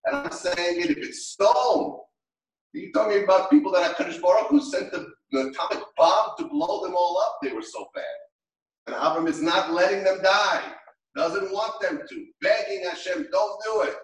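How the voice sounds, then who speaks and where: Middle-aged guy giving a fired-up torah class, higher voice, kinda far off in an echoey room. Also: normal speed. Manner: impassioned, emphatic, rhetorical. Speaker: rabbi teaching a Torah class.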